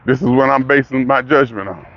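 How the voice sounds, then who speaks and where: A man's voice: mid-range voice, fairly quick. Older man, rambling vlog talker who works himself up; dull lo-fi outdoor audio with faint hiss. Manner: rambling, talks himself into excitement. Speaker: vlogger. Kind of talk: casual monologue.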